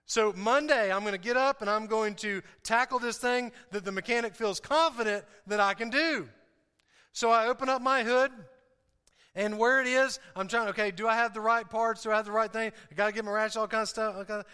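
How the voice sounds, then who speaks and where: A man's voice: high voice, brisk, pushed and bright, clean tone, big-room sound. A man preaching a sermon, telling a story with self-deprecating humor, repeats and laughs. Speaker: pastor.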